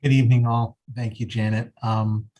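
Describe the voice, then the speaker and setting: A man, a fire chief, explaining a safety plan at a public town meeting in an earnest, halting way with many pauses. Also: mid-range voice, flat delivery, dark tone.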